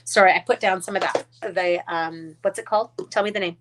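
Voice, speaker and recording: A woman's voice: fairly low pitch, steady tone, a little fast, noisy background. Chatty canadian lady on a live stream doing a craft demo, rambles, mutters to herself, talks to her dogs. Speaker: card-making demonstrator.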